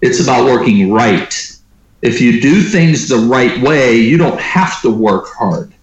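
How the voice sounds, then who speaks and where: A man telling personal stories as an interview guest, lively and acting out the dialogue he quotes. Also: mid-range voice, a little slow, highs cut off. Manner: animated storyteller who acts out quoted dialogue. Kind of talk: storytelling in a conversational interview. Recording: roomy echo.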